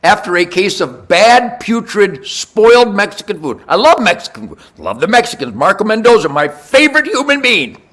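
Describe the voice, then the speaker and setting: An older man rambling through a podcast rant, brash and crude, dropping to low mutters and then shouting. His voice is bright and forceful, pitched a little high, and it swings widely up and down. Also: very animated, moderate pace, hardly any pauses. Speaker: podcast host.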